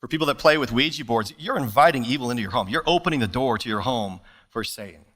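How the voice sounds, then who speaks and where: A man preaching a sermon as pastor, animated and playful, slipping jokes and asides between scripture readings. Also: mid-range voice, quick pace. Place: church service.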